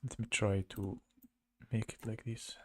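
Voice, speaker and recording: Slow, mellow-voiced man with Russian accent. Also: lowish voice, little pitch movement. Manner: halting, repeats words to compare sounds. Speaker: language teacher. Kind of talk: casual livestream lesson.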